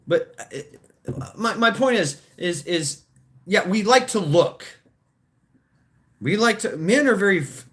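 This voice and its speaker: A man's voice: on the high side, a bit bright. Rambling, opinionated male streamer. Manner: rambling, opinionated, stammering restarts; crude, swears freely. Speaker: livestream host. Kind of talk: casual livestream chat.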